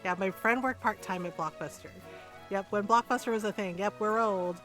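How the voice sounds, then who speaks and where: A middle-aged woman streams a game with soft music behind her, talking casually at a normal pace in a medium-pitched voice. She tells an animated story, acting out the people she quotes.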